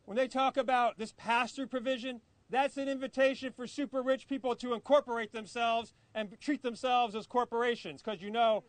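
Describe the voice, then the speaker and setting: Guy firing up a rally crowd outdoors, really high voice, chanting back and forth. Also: fairly even intonation, normal speed, hardly any pauses, no room sound. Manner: fiery, chanting call-and-response. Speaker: advocacy group speaker. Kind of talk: rally speech.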